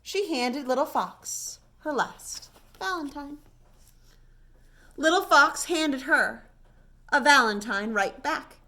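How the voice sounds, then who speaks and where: Gentle and expressive, a woman's high voice reads a picture book aloud to kids without hurrying. She's a children's librarian leading storytime.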